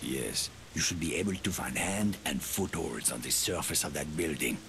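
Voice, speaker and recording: An actor playing a gruff resistance fighter in a video game, curt and sweary. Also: male voice, a bass voice, animated, moderate pace, a bit bright, slight background noise, exaggerated voice.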